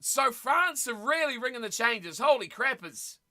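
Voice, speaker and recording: A streamer giving casual live commentary at a rugby watch party, chatting with viewers and shouting with excitement at big plays. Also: medium pitch, unhurried. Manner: chatty, talks straight to viewers in chat.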